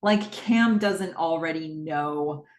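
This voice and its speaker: A woman's voice: deep voice, slow, slight background noise. A woman voicing a frustrated man who gets heated and snaps in an argument, in an echoey room. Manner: heated, snapping. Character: frustrated man arguing with his wife. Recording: roomy echo.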